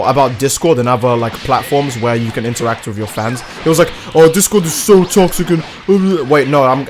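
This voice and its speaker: Brash male game streamer, crude and animated. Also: mid-range voice. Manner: animated, crude, reacts to chat and gameplay. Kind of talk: casual live-stream commentary while gaming.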